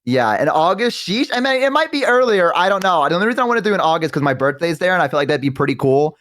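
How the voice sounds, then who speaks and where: Rambling, animated male streamer. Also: a little high, quick pace, dry recording. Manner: rambling and talkative, restarts a lot. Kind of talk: casual chat on a live stream.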